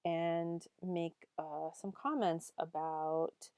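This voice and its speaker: A woman teaching poetry in a slow, careful way, reading verse aloud and counting out the stressed and unstressed beats. Her voice sits fairly low, and it sounds close and dry with no room around it. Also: fairly even intonation, warm tone, clear, resonant tone, dry recording. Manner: unhurried, explains meter by reading lines aloud and tapping out syllables; frequent ums while thinking. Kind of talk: recorded online poetry lesson.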